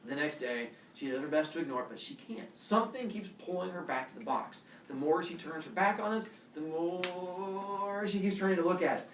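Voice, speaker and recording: A male teacher telling a myth to his class in an animated way, with a camera across a classroom. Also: high-pitched, a little fast, few pauses, recorded from a distance, a little hiss or hum. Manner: animated, acts out every voice. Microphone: camera across the room. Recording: roomy classroom heard from afar.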